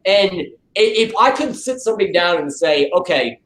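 A man hosting a podcast, telling stories excitedly and swearing freely. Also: high-pitched, moderate pace, echoey room, poor audio. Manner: profane, excitable storyteller. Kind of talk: casual chat.

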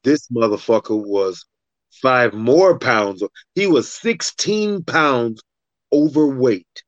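A man's voice: mid-range voice, takes it slowly, dry recording, lo-fi sound. A man telling a fight story in a casual podcast chat, swearing freely and acting out the other people in it. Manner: profane, animated, acts out the other voices in his story.

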